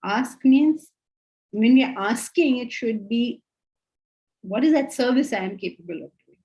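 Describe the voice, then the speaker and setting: A woman's voice: on the high side, animated, unhurried, darkish tone, rough recording. A woman teaching a spiritual class, explaining patiently and often checking that students follow. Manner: explanatory, checks understanding with questions. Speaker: Vedanta teacher.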